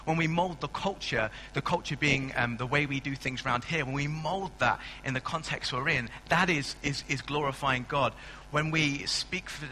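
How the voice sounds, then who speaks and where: Bright-voiced preacher. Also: male voice, medium pitch, a little hiss or hum, rough recording. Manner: chatty, self-mocking, storytelling. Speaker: pastor. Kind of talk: sermon. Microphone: stand mic.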